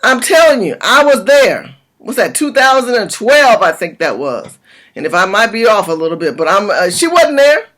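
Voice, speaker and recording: A woman from California ranting to camera in a vlog, her voice swooping between high and low. She is impassioned and blunt and swears freely. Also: very animated, moderate pace, a bit bright. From California, USA. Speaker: political vlogger. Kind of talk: direct-to-camera political rant.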